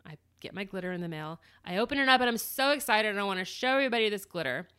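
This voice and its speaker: Bright-voiced woman telling her story. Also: medium pitch, rapid-fire, smooth. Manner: animated, lively retelling with acted quotes. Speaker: small business owner. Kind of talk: casual personal storytelling.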